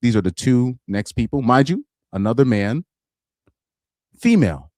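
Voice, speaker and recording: A man's voice: medium pitch, big pitch swings, normal speed, a little mellow, no echo, clean studio sound. A man casually commenting on a live stream, rambling and repeating himself. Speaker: live streamer reacting to videos.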